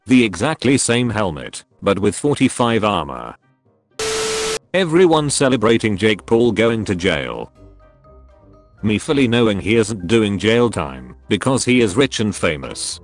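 A man narrating a meme compilation, reading captions aloud one after another with brisk jumps between jokes. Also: lowish voice, very animated, faint music behind.

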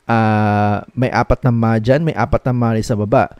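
Filipino male teacher, casual code-switching explainer, mellow voice, dry recording. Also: on the low side, steady tone, normal speed, no room sound. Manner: switches between English and Tagalog; repeats checks like "okay?" often. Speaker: language teacher. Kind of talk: casual video lesson.

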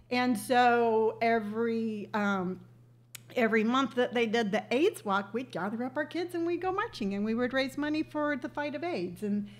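An older woman with a somewhat high voice talks casually on a webcam livestream. She tells stories in a chatty, heartfelt way. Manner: chatty storytelling, emotional and tearful at moments. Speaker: livestream host.

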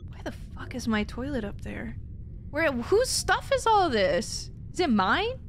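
A woman's voice: high voice, big pitch swings, measured pace, a little hiss or hum. A young woman streaming a horror game, jumpy and foul-mouthed, who often breaks into shrieking laughter. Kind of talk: live horror gameplay commentary.

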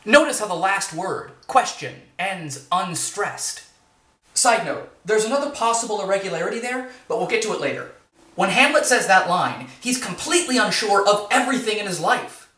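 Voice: mid-range voice, animated, normal speed, sharp tone, recorded from a distance. A young adult teaching verse in a casual lecture, wry and emphatic as the rhythms get stressed. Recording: echoey room, slightly off mic.

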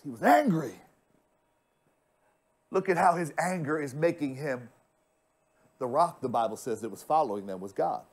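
A man preaching a sermon in a slightly high voice, taking his time over every line. He swings from loud, stretched-out words to near-hushed asides and speaks straight to the congregation. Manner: addresses the congregation directly. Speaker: pastor.

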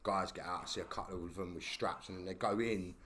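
A man's voice: sits low, steady tone, quick pace, fairly bright tone, a little hiss or hum. A man with a London accent telling a story as a podcast guest, in slangy casual talk that keeps checking in with "yeah?". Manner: slangy, tags lines with "yeah?".

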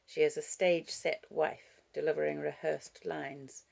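Woman audiobook narrator; low, gravelly voice, measured and expressive. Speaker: audiobook reader. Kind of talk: scripted narration.

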